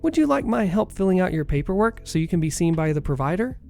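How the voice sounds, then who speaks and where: A man's voice: high-pitched, very animated, fast, creaky, darkish tone, pitched above the performer's own voice, full character voice. A man reading a story aloud, voicing a polite, apologetic woman receptionist.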